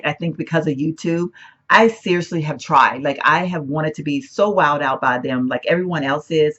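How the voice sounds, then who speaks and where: A hoarse woman rambles through a casual makeup chat, her cracking voice captured on a dull, lo-fi home recording. She jumps from thought to thought and cuts herself off mid-sentence. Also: sits low. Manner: rambling, chatty, self-interrupting. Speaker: beauty vlogger. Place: room at home, once a bedroom.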